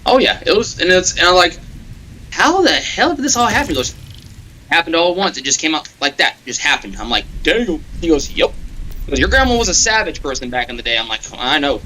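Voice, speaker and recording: A bright, forceful male voice, a touch higher than most men's, carries a lively run of anecdotes over an online voice chat. He laughs and swears his way through the stories. A faint hum of room ambience sits underneath. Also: rough recording. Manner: animated storyteller, laughs often, swears. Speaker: guest on a gaming stream. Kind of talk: casual storytelling chat.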